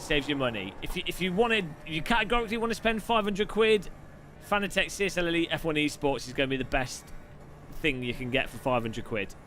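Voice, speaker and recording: Male streamer, a bit high, bright and forceful, rambling and jokey. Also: a little hiss or hum. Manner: chatty, jokey, rambling with restarts. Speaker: streamer host. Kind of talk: casual live-stream chat.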